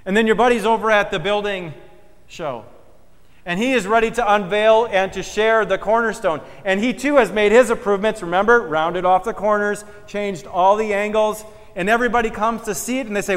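A man preaching a sermon as pastor, emphatic, swelling loud and then dropping soft and slow for weight. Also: sits high. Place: church sanctuary. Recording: long church reverb.

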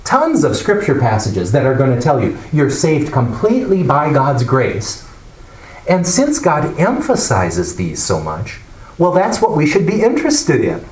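Animated man teaching a Bible class. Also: a little high, a little slow. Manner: animated, explanatory, asks the class questions. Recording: echoey room, mic far off, faint noise.

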